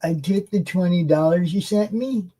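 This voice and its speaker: Low, mellow slacker dude voiced by a woman. Laid-back drawl, sarcastic. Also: moderate pace, husky. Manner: laid-back, drawling, calls people bro and man. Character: lazy male slacker co-host living in the basement. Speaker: co-host. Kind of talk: comedy sketch show.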